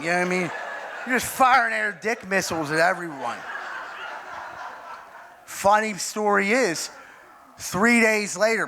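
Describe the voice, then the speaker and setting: A man performs stand-up on a live stage with a bright, gravelly voice. He tells his story in a loose, rambling way and acts out what other people said. Faint noise from the room sits behind him. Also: high-pitched. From Pittsburgh area, US. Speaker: stand-up comedian. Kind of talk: stand-up comedy set. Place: live comedy venue with audience.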